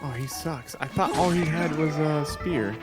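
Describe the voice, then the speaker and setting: A man co-hosting a gaming video, chatting in a joking, excitable way. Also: a little high, measured pace. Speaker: let's play co-host. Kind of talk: casual gaming chat. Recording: clear music in background.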